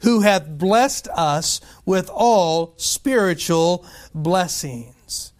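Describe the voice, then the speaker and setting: Male pastor, high voice, emphatic sermon delivery with rhetorical questions and slow stressed scripture phrases. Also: lively intonation. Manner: emphatic, asks and answers his own questions.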